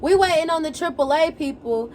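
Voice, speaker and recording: A young woman telling a story in a casual, animated way, full of slang and quoted exclamations. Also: high-pitched, a little fast, a little hiss or hum. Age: young adult. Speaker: vlogger. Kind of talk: casual storytelling while getting ready.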